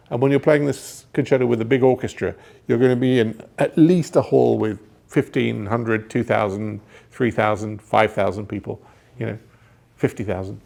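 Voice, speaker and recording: A man's voice: mid-range voice, gravelly, warm tone. A man coaching a young cellist in a masterclass, encouraging and singing phrases to show them, with cello playing behind him. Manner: encouraging, sings phrases to demonstrate. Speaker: cello teacher. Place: music school hall.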